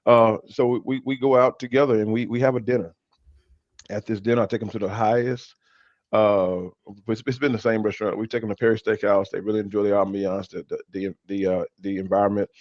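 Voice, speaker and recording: A man with a low voice speaks earnestly on a church talk show, often stumbling and restarting his sentences as he tells a story. The sound is dull and lo-fi, and dry. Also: flat delivery, fairly quick, darkish tone, dry recording. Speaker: church leader and co-host.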